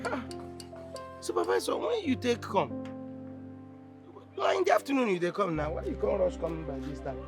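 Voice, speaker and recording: A brash young Nigerian bricklayer chasing online fame, his voice pitched high for a man as he hypes up his fans. Music plays clearly behind him. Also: wildly swooping pitch, normal speed, pauses often, full character voice. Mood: apologetic. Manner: hyped, loud addressing fans, pleading with boss. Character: brash young male bricklayer and content creator. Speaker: bricklayer who makes skits.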